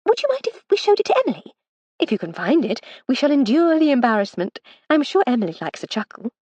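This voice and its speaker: A woman voicing a breezy, wry aristocratic Edwardian lady in an audiobook, quick to laugh. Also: high-pitched, very animated, a little mellow, slightly rough, dry recording, highs cut off, pitched above the performer's own voice, exaggerated voice.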